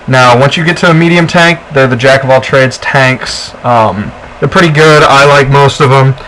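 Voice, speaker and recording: Young guy rambling through a game tour, lots of ums, average pitch, faint hiss behind. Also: a bit bright, low-quality recording. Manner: chatty, rambling with fillers. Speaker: co-host of a gameplay video. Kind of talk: casual gameplay walkthrough.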